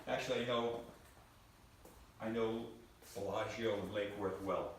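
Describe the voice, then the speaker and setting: A man's voice: fairly low pitch, fairly even intonation, unhurried, a little hiss or hum. A male stand-up comedian on stage, teasing and quizzing the audience. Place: live stage before an audience. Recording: echoey hall from far off.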